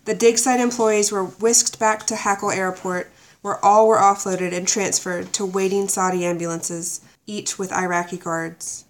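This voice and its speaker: A woman reading a thriller excerpt aloud in a steady, even storytelling manner. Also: mid-range voice, unhurried. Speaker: narrator. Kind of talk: audiobook narration.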